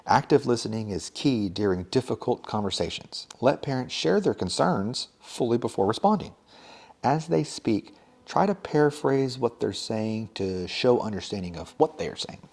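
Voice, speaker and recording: A man's voice: mid-range voice, animated, normal speed, creaky, a little mellow, slightly rough. A man, a teacher hosting a podcast, talking through advice in a casual, conversational way with lots of fillers and asides.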